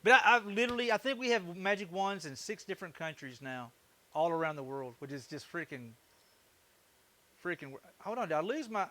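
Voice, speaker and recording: A man's voice: sits high, lively intonation, a little fast, pushed and bright. A middle-aged man chatting casually on a live stream while working in his wood shop, joking and thanking viewers. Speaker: woodworking streamer.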